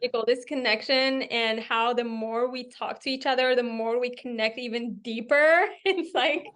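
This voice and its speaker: A woman guest on a podcast, chatting casually, warm and affirming, laughing often. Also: on the high side, fairly even intonation, normal speed. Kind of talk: casual chat.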